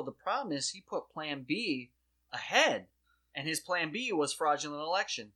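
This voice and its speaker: A man with a fairly high, bright and forceful voice, riffing through a loose, rambling political chat. He talks in an animated way and swears freely as he goes. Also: moderate pace.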